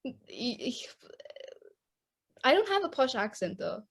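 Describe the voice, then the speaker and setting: Chatty teenage girl, high voice. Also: sing-song, a little slow, gravelly, slightly rough. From Indonesia. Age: teens. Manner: chatty, rambling, laughs often. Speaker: podcast co-host. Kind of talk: casual chat.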